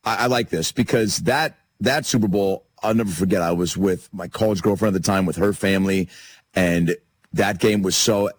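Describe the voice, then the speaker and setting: A man's voice: deep voice, normal speed. A man co-hosting a sports radio show, telling rambling, self-deprecating stories. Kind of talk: casual sports talk.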